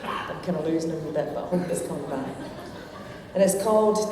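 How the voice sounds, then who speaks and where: A woman's voice: sits low, fairly quick, crowd noise. A Scottish woman giving a wry, joking after-dinner speech and reciting a humorous poem with Scots words, at a formal dinner in a large hotel ballroom. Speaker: guest speaker. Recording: echoey ballroom with long reverb and background noise.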